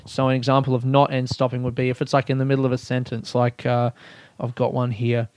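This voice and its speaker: A man's voice: mid-range voice, monotone, brisk, a little mellow. A young man, hosting his own podcast in loose, rambling chat, swearing and laughing at himself as he goes. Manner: rambling, swears, laughs often, self-mocking. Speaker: podcast host. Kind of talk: casual solo podcast chat.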